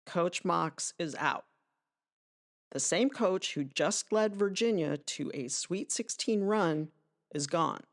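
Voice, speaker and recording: A woman's voice: fairly low pitch, animated, slow. A woman hosting a podcast, reading a scripted sports monologue in a conversational, emphatic way with asides to the listener. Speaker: podcast host.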